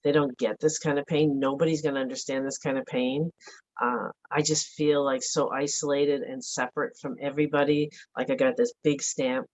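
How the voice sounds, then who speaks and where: A middle-aged woman giving a halting, emotional personal account as an interview guest, with many fillers and restarts. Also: rumbling low, level tone, a little mellow, rough recording. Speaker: interview guest, bereaved mother.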